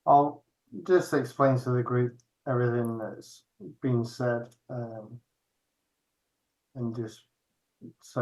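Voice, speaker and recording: A man's voice: mid-range voice, fairly even intonation, takes it slowly, long pauses, rough recording. A man playing a tabletop game, thinking aloud and a bit hesitant. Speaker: player. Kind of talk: casual tabletop play.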